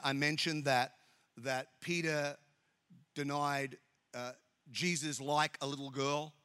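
A middle-aged Australian man preaching a humorous sermon in church, telling animated, jokey stories. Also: fairly high pitch.

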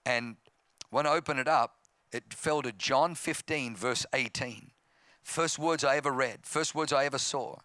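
A man's voice: medium pitch, measured pace, dry recording, clean studio sound. An Australian man in his fifties, a pastor telling his testimony in a sermon, acting out voices and growing impassioned. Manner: storytelling, acting out voices, grows loud and impassioned.

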